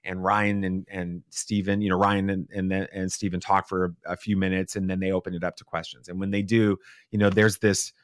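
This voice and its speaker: A man with a somewhat low voice tells a long story as a podcast guest, animated and casual, slipping into other voices for the quotes. The sound is close and dry. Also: brisk, smooth, no room sound. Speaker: father.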